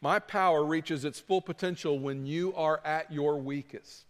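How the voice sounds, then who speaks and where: A man preaching a sermon as pastor, dramatic, moving between loud pleading and quiet asides. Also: a little high, a little slow, big-room sound.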